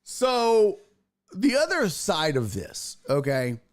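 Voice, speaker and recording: A man's voice: high voice, wildly swooping pitch, slow pace. A man hosting a casual livestream show, joking crudely and laughing as he reads viewer comments. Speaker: podcast host.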